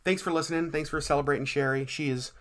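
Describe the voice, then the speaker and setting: A woman co-hosting a casual podcast, earnest and animated, who laughs easily. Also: low-pitched, fast. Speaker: podcast co-host. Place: lives in Alaska.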